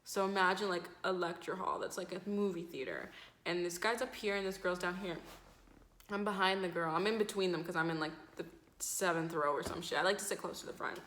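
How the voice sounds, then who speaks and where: A woman's voice: on the low side, a little fast, a bit bright. A woman in her twenties telling a casual storytime, rambling and swearing with lots of "like". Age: 20s. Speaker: vlogger. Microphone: camera mic.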